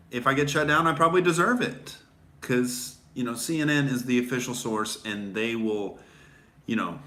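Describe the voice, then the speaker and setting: A man's voice: on the low side, bright, forceful tone, reverberant. A male comedian hosting a livestream, talking in a sarcastic, rambling monologue full of fillers.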